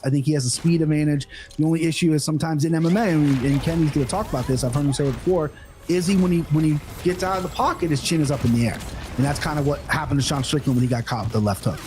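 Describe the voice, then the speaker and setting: A man co-hosting a sports show, making his pick in an animated, profane and emphatic way. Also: a little high, fast, background noise. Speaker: podcast co-host. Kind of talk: excited sports betting chat.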